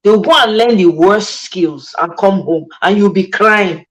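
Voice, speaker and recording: A woman's voice: medium pitch, measured pace, poor audio. A woman from Nigeria with a Nigerian accent, hosting a casual panel discussion and slipping into Pidgin phrases. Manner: animated, slips into Pidgin. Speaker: host.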